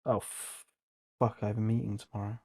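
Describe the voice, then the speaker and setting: A man's voice: fairly low pitch, little pitch movement, fairly quick, warm tone. Man muttering to himself while coding. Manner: mutters to himself, swears casually. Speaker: vlogger coding on stream. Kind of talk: casual thinking aloud while working.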